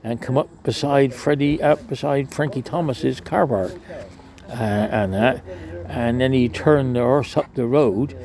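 Brief: older Cornish man, gravelly, mid-pitched, yarn-spinning interviewee. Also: unhurried, crowd noise. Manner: chatty, restarts, mild swearing. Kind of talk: rambling storytelling.

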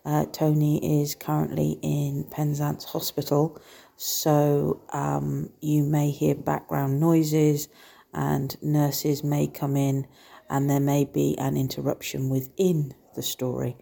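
A woman's voice: deep voice, monotone, slow pace, gravelly, dark tone. A woman introducing an interview, hesitant with frequent fillers. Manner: hesitant, lots of ums. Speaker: interviewer, host. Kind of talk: casual podcast introduction.

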